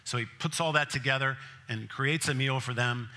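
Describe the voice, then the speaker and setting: A man's voice: medium pitch, moderate pace. A man preaching a sermon as pastor, telling the story in a conversational way and acting out the scenes. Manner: laughs often, grows emphatic and louder.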